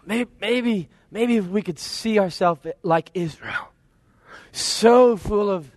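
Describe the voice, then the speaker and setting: A man preaching a sermon in a conversational, lively way, with playful asides and quoted voices. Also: sits high, no echo.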